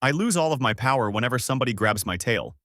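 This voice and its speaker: A man's voice: mid-range voice, animated, fast, fairly bright tone, no room sound, lightly acted. A cheerful, naive young fighter boy, read out by a man. He speaks simply and earnestly, and his voice rises and falls a lot. The sound is dry and close.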